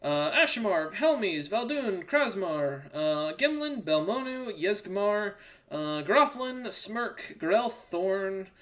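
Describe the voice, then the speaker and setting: A man's voice: high-pitched, big pitch swings, slow, a bit bright, pitched above the performer's own voice, exaggerated voice. A man voicing a plain, chatty male orc shopkeeper who rattles off long lists of wares. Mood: salesy.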